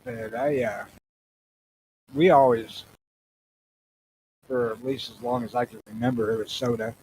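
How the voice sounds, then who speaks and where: A man's voice: mid-range voice, fairly even intonation, measured pace, a little mellow, a little hiss or hum, poor audio. A man from the northern US telling stories bluntly as a podcast co-host, swearing freely. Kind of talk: casual crude podcast banter.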